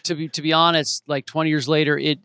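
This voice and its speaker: A man in his forties, an actor and author, telling stories as an interview guest, animated and acting out the voices of the people he quotes. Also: on the high side, fast talker, clean tone, no room sound, clean studio sound. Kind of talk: casual storytelling in an interview. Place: home in Los Angeles.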